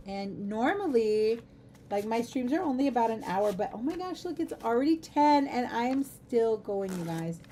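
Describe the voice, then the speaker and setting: Middle-aged woman, craft stream host, mellow and chatty, giggles between rambling asides, faint room noise. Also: fairly high pitch, animated, normal speed. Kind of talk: casual chat while crafting.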